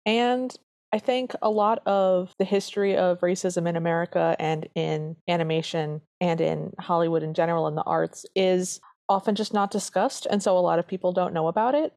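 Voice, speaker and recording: A woman's voice: on the low side, fairly even intonation, a little mellow, no echo, studio quality. A woman co-hosting a podcast, reviewing an old cartoon in an earnest, chatty way. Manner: chatty, earnest, quick asides. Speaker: podcast co-host. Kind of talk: casual review chat.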